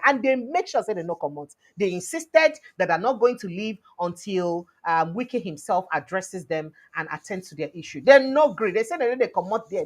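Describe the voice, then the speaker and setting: Husky Nigerian woman, lively news talk. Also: mid-range voice. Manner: animated, mixes pidgin and English, acts out quotes. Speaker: news commentator. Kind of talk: news commentary in Nigerian Pidgin and English.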